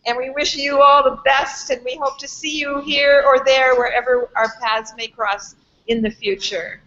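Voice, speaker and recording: A woman hosting a group video call, giving warm, thankful closing remarks. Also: high voice, steady tone, moderate pace. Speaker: host of the hangout. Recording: dull video call audio.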